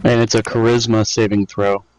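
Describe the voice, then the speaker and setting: Guy playing a tabletop game, steady and measured, plain mid voice, dry. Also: on the low side, no echo, low-quality recording. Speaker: player.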